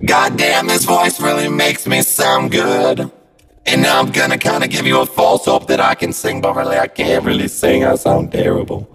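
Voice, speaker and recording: A man's voice: medium pitch, lively intonation, normal speed, vocal fry. A man hosting a podcast, rambling and swearing in a half-sung comic monologue through a voice changer app, recorded on a phone. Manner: profane, rambling, jokey. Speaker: podcast host. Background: loud music.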